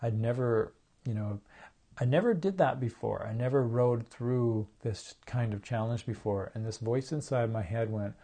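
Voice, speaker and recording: Warm-voiced man telling a personal story. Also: mid-range voice. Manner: earnest, halting, repeats words, acts out quotes. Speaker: speaker sharing a personal story.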